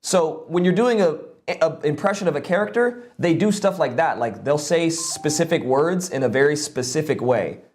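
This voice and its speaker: A man's voice: a little high, expressive, moderate pace, few pauses, a little mellow, soft background music. A young man streaming live, giving casual advice on voice acting with lots of "like" fillers and blunt swearing. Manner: loose and profane, lots of "like" fillers.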